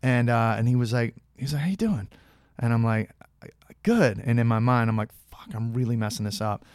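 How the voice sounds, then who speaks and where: A man's voice: medium pitch, steady tone, a little fast, darkish tone, clean tone, no echo, clean studio sound. A man, an actor guest, casually telling a long anecdote with frequent restarts and acted-out quoted dialogue. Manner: rambling, many restarts, acts out quoted dialogue.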